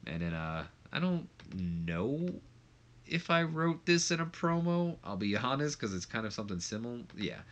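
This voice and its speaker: A man's voice: medium pitch, sing-song, moderate pace. A man giving casual, rambling commentary over a wrestling management game, with many fillers. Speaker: gameplay commentator.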